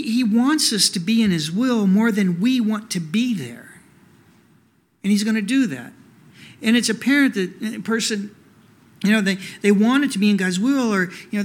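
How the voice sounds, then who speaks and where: A man's voice: high-pitched, expressive, normal speed, a bit bright. A male pastor preaching a sermon in a conversational way, asking rhetorical questions and using many "you know" fillers.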